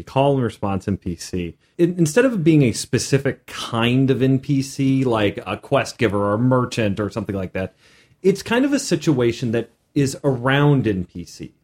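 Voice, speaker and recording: A man co-hosts a casual tabletop gaming podcast and tells stories from his game as game master. His pitch swings widely and expressively, and he sits at a middle pitch. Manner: animated storytelling.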